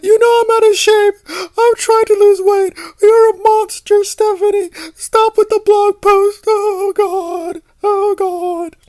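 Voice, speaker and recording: A man putting on a high, crying voice to mock a grown man as whining and babyish. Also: little pitch movement, takes it slowly, darkish tone, no echo. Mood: whiny sobbing. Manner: high sobbing falsetto whine.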